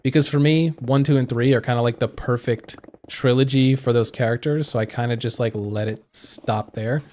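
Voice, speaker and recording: A man's voice: mid-range voice, fairly even intonation, moderate pace, darkish tone. Rambling young man chatting on stream. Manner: rambling, thinking aloud with fillers and restarts. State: hiccuping. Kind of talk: casual live-stream chat.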